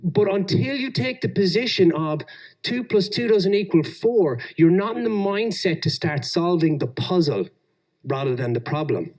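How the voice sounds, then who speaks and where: This Australian speaker tells workplace stories in a conference talk on engineering leadership, lively and acting out each quoted person. His voice sits high and his pace is moderate.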